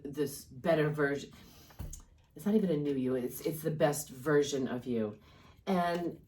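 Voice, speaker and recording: Tarot reader, woman, deep-ish voice, chatty and reassuring, stops and restarts a lot. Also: darkish tone. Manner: rambling, encouraging, many fillers and restarts. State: coughing and yawning at times. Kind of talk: casual tarot reading monologue.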